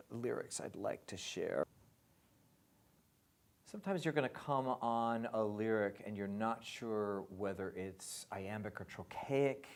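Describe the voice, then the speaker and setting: A middle-aged man teaching lyric scansion in an online lesson, with halting restarts, dry asides and rhythms spoken aloud. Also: lowish voice.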